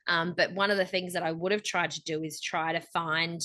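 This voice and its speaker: A woman chats easily as a podcast co-host, in a bright, forward tone. Her voice sits a little low for a woman, and she laughs along often. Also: brisk. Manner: relaxed, easygoing, laughs along. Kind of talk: casual chat.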